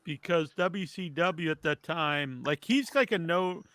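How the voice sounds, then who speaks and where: A man's voice: a little high, measured pace, fairly bright tone, dry recording. A man hosting a podcast, reading out trivia and then chatting loosely with lots of fillers. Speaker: podcast host. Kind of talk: casual wrestling chat.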